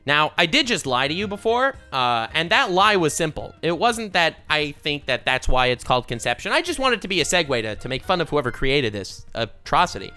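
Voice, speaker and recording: Dude ranting about anime, loud and sweary, bright voice, light music behind. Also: male voice, on the high side, sing-song, fairly quick, hardly any pauses. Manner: loud, swearing, mock-outraged, laughing. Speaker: anime reviewer. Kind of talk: comedic rant commentary.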